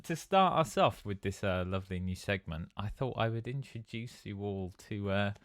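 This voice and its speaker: A man hosting a casual podcast chat, halting with lots of "uh" and often laughing. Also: lowish voice, expressive, dry recording. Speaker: podcast host.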